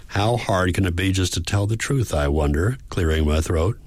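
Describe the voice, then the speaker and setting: A man reading a first-person audiobook in a measured, reflective way. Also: low-pitched, expressive, dry recording. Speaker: audiobook narrator.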